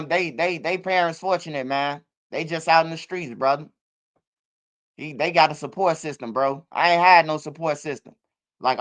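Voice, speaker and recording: A middle-aged man riffs in casual streaming commentary. His voice sits high and sounds bright and smooth. He drifts loosely from point to point and keeps dropping in bro and man. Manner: loose, streetwise, repeats words like bro and man. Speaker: commentary channel host.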